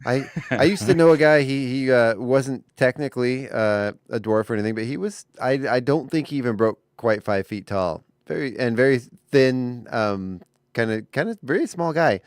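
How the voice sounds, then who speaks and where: A man's voice: medium pitch, animated, normal speed, no echo. Male radio co-host, chatty, easy laugh, mid voice, dry close studio sound. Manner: chatty, laughing easily, telling stories with restarts. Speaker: radio morning show co-host. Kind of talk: casual radio banter. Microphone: studio microphone.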